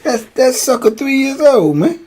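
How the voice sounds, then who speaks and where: A middle-aged man hosting a streamed show, telling lively stories in a casual way, laughing often and tagging lines with "man.". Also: extremely high pitch, a little slow, slight background noise. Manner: animated, laughs often, repeats "man" a lot. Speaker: show host. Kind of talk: casual storytelling chat. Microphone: streaming mic.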